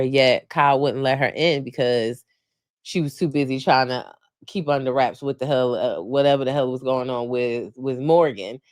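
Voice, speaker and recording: A woman hosting a casual recap podcast, blunt and opinionated, slipping into animated impressions of the people she quotes. Her voice sits a little low for a woman. The sound is dry and close, with no room around it. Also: clear, resonant tone, no room sound. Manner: animated, opinionated, acts out quotes with big pitch jumps; colloquial, blunt. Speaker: podcast host.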